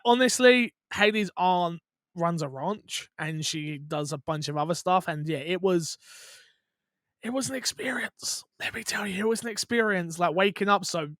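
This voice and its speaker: A young British man hosting a gaming podcast, tired, chatty and excitable, going from loud outbursts to mumbled asides. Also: fairly high pitch, smooth, no room sound, clean studio sound. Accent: British English. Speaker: podcast host. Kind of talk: casual podcast chat.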